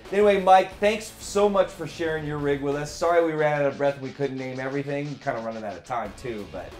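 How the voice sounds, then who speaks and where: Laid-back guy cohosting a show, all pumped up, some music quietly in the background. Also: on the high side, fast talker. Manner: enthusiastic, easygoing, loose with fillers. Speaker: co-host of a sim racing show. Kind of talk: casual chat.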